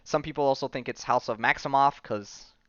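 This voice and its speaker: A man hosts a podcast and recaps a comic storyline in a loose, rambling way, full of fillers and sudden little character voices. His voice is smooth and clear at a middle pitch. The sound is dry and close, through a slightly dull, lo-fi mic. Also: brisk, dry recording. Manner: rambling storytelling with many fillers, briefly acting out characters' lines. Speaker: podcast host. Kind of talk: casual comic book recap.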